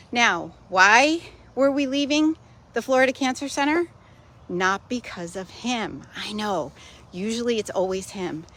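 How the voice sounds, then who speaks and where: A woman talks straight to her audience in a casual personal video update. Her pitch sits in a middle range, and she tells the story plainly with a dry, wry humor. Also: fairly bright tone. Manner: chatty storytelling, matter-of-fact with wry humor. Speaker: vlogger sharing personal news.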